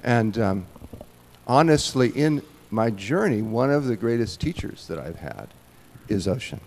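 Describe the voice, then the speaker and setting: Man in his 60s, earnest, searching, halting, long hall reverb. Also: medium pitch, very animated, a little mellow. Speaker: interviewer. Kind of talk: onstage conversation.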